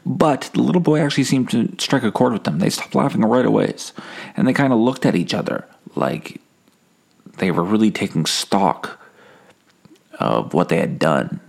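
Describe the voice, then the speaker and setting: A man hosting a comedy podcast, telling a rambling, deadpan monologue full of self-corrections and dark punchlines. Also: lowish voice, moderate pace, vocal fry. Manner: escalates mundane stories into dark punchlines. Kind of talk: absurdist comic monologue.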